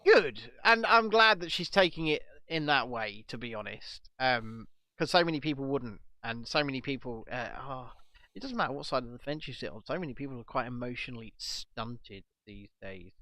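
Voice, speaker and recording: A man hosting a live stream, chatting casually with animated, sweary outbursts. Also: medium pitch, moderate pace, dry recording. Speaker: livestream host.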